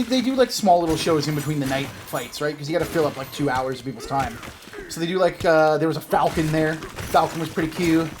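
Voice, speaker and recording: This man's voice is a little high, and there's slight hiss or hum in the audio. He's a gaming video host from Canada in his thirties, commentating a video game while telling a rambling, self-mocking story.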